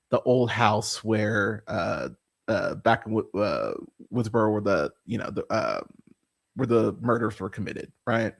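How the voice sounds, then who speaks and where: A man's voice: fairly low pitch, creaky. A man hosting a movie review podcast, talking in a casual, profane, exasperated rant. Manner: animated, swearing, exasperated.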